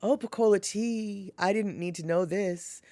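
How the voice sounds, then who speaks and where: A woman hosting a live stream, chatting casually and reading out chat messages, animated and laughing often with lots of fillers. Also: medium pitch, measured pace, no echo. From Washington state. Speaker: livestream host reading chat.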